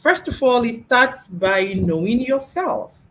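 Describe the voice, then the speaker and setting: A woman's voice: fairly high pitch, very animated, takes it slowly, a bit bright, low-quality recording. A woman hosting an interview who asks questions in an encouraging way, with frequent affirming murmurs. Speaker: host, interviewer.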